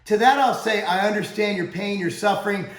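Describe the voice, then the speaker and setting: A man's voice: high voice, fairly quick, a bit bright, roomy sound, poor audio. A man who owns a supplement company, talking straight to camera in a heated, profane rant. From United States. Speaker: supplement company owner and channel host.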